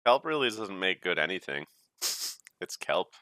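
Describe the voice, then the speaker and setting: A man's voice: sits low, sing-song, normal speed, pushed and bright, no room sound. A man playing in a tabletop game, joking and laughing often in casual chat. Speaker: player.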